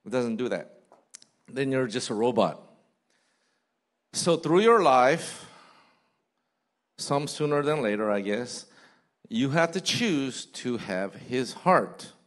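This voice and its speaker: Preaching slowly with long pauses, this pastor has a mid-range voice and delivers his sermon in the church sanctuary. His voice rises and falls widely, animated throughout. In quoted asides he imitates what people say.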